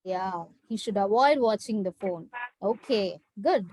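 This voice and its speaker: A woman teacher telling a story in an animated way to students on a video call, acting out the characters and often saying "like". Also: mid-range voice, measured pace, no room sound, rough recording. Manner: frequent "like" fillers.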